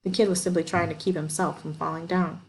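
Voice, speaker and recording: A woman reading a novel aloud in steady, even narration. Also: lowish voice, fast talker, a little hiss or hum. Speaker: audiobook reader. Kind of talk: scripted narration.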